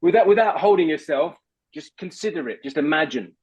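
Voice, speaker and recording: A man's voice: on the high side, animated, a little fast, breathy edge, muffled recording. A man working as a voice coach, patiently talking a guest through voice exercises over a video call. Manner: patient, instructive, repeats words when starting.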